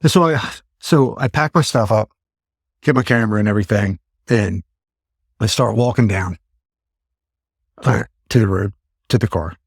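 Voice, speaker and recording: A man's voice: fairly low pitch, normal speed, long pauses, husky, no room sound, studio quality. A man in his fifties, a podcast host telling a story in casual chat and acting out his own thoughts in exclaimed asides. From Pennsylvania. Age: 50s.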